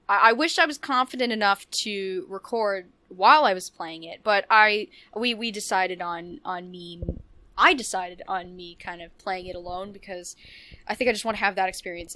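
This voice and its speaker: A woman's voice: medium pitch, moderate pace, pushed and bright. Giggly, gushing woman podcast host. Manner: rambling, giggly, gushing with frequent restarts. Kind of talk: casual podcast chat about video games.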